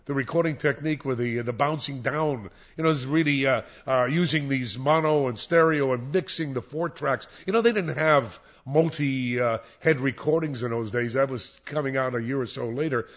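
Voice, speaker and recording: An older man, a former radio disc jockey, reminiscing in an interview in a rambling, animated way with many restarts. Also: mid-range voice, moderate pace, few pauses. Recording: dull lo-fi recording.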